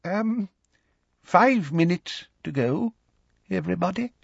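Man voicing a high, fussy, flustered old wizard examiner, casting note. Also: animated, takes it slowly, creaky, slightly rough, no room sound, lo-fi sound, heavily acted. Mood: feeble. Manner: spluttering, then feeble.

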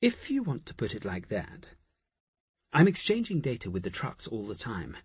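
A man's voice: mid-range voice, wildly swooping pitch, normal speed, slightly rough, no room sound, full character voice. A man voicing a hesitant, earnest woman scientist in an audiobook, speaking in a musing way.

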